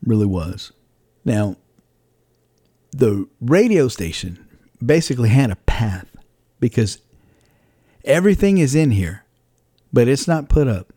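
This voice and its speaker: A man's voice: mid-range voice, very animated, a little slow, long pauses, warm tone, slightly rough, dry recording, studio quality. A man hosting his own podcast, telling a rambling personal story about faith and setbacks, chuckling as he goes. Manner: conversational, rambling, chuckles often, faith-based reflection. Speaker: podcast host and radio broadcaster. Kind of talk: personal reflective monologue.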